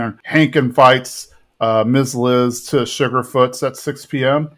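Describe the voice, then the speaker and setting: Man, podcast host, casual recap, animated retelling, mid-pitched voice. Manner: animated retelling, quick character quotes, laughs.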